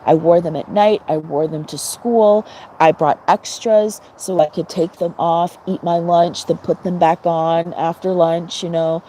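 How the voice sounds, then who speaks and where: A woman on a live stream, casually telling personal stories to her viewers, frank and quick to laugh. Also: fairly low pitch, steady tone, mellow, slight background noise, low-quality recording. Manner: chatty, laughs often, frank.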